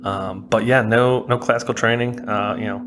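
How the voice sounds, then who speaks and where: A man's voice: on the low side, steady tone, moderate pace, noisy background. A man with a Wisconsin accent, a chef and cooking instructor, talking casually in a podcast interview, laughing often and using lots of fillers.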